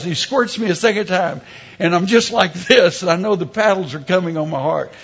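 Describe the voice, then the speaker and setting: A man's voice: fairly high pitch, lively intonation, moderate pace, slightly rough, highs cut off. A middle-aged male pastor preaching a sermon, mixing scripture with humorous personal stories. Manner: storytelling with humor, emphatic preaching.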